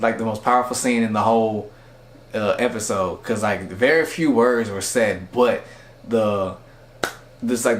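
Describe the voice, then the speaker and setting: A man casually recapping and reviewing an anime episode, rambling with lots of "like" and "you know". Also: medium pitch. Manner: rambling, filler-heavy with frequent "like". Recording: echoey room.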